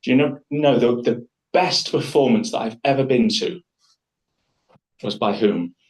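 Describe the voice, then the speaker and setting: A man's voice: medium pitch, measured pace, low-quality recording. A man leading a live public speaking workshop, talking to the group in a chatty, enthusiastic way with frequent restarts.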